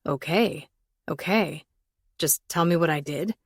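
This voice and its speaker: A woman's voice: sits low, unhurried, husky, no echo, heavily acted. A woman voicing an obsessive, menacing man. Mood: pleading. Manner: pleading turning threatening. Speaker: audiobook narrator voicing a character.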